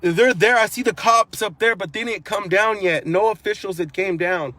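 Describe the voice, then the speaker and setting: A man's voice: sits high, moderate pace, sharp tone, dry recording. A man telling in earnest what he saw, repeating himself and restarting his sentences, his account growing more urgent. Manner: earnest, repetitive, grows urgent while retelling. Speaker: eyewitness. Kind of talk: emotional first-person recounting.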